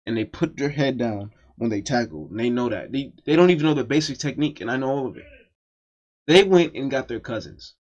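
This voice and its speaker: A man's voice: medium pitch, lively intonation, fairly quick, darkish tone, dull audio. A man telling a personal story in a casual, profane and emphatic storytime monologue.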